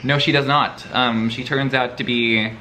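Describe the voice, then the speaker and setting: A bright, forceful man talks through his reading in a casual vlog, animated and swearing freely in a campy way. A faint ambient hum sits under his voice. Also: mid-range voice, a little slow. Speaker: book vlogger. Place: indoors at home, later outdoors.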